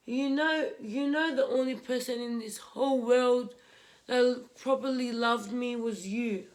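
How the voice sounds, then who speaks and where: Tearful young woman, halting. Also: on the high side, steady tone, a little mellow. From Australia. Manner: tearful, halting, repeats herself. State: crying. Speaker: vlogger. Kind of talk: emotional personal story while doing makeup. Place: home room, indoors.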